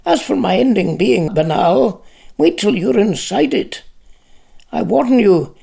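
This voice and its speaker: A man's voice: high-pitched, vocal fry, a little mellow, breathy edge, heavily acted. A man reading a novel aloud and voicing a fussy, self-important, querulous male conjurer who is also an author. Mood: lecturing. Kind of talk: audiobook character reading.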